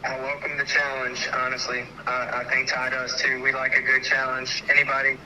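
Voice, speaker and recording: A man chats as a podcast guest in a relaxed, easygoing manner, dropping "dude" as he talks. His voice sits at an ordinary middle pitch. A clear hiss of background noise sits under the recording. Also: normal speed, rough recording. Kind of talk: casual chat.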